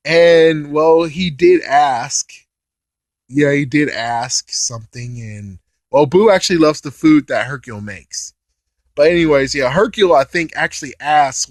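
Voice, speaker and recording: A young man recapping an anime episode in casual chat, excitable, laughing often and swearing as he acts out characters' lines. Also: a little high, moderate pace, no echo.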